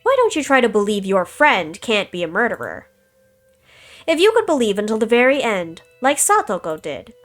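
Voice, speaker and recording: Female streamer, dramatic game read-aloud, taunting villain tone, very lively pitch, light music under. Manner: menacing, taunting villain narration.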